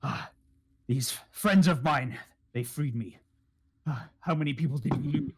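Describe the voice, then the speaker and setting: A man's voice: fairly high pitch, expressive, measured pace, slightly rough. A loyal hobgoblin warrior, voiced by a man, speaks earnestly and plainly. He is grateful and steadfast, a figure from a tabletop game.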